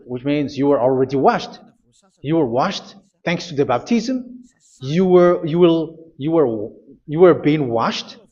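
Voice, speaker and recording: Male preacher, high-ish voice, forceful repeated commands, dull lo-fi audio. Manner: emphatic, repetitive commands with hesitations. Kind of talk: sermon.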